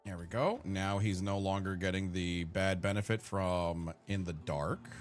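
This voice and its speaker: A gaming streamer with a low, fairly even voice talks a little slowly over faint background music. He jokes and swears casually, chatting with his viewers and his in-game characters during a let's-play.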